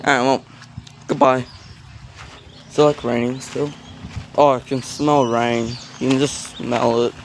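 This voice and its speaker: A male vlogger speaks a little slowly, with long pauses and little pitch movement in his mid-range voice, while filming a casual walking vlog at an outdoor zoo. Recorded on a handheld phone with faint background noise, his talk is rambling, chatty, and self-aware, peppered with filler words.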